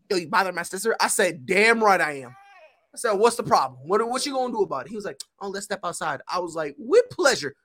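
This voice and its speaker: A young man co-hosting a podcast in casual chat, an animated storyteller who acts out the dialogue. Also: high-pitched. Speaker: podcast co-host.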